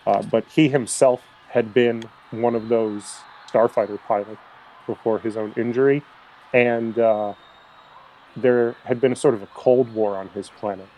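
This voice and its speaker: A man narrating a tabletop role-playing game as game master, in a relaxed, rambling way full of fillers. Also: lowish voice, slight background noise, poor audio. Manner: relaxed, filler-heavy storytelling.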